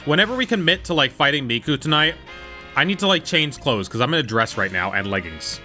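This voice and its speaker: A man's voice: fairly high pitch, animated, brisk, sharp tone, soft background music. A young man live-streaming a game, chatting casually and joking with his chat. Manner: joking, rambling, slips into whispers.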